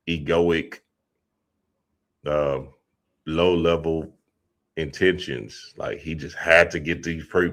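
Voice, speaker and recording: Slow, deep-voiced man in relaxed spiritual talk. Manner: laid-back, laughing, slangy asides. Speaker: spiritual teacher and host.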